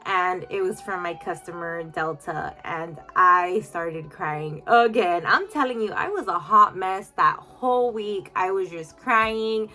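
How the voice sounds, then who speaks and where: A woman's voice: fairly low pitch, a little slow, few pauses, bright, forceful tone. A woman telling an emotional storytime vlog to her followers in a chatty, filler-heavy way. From United States.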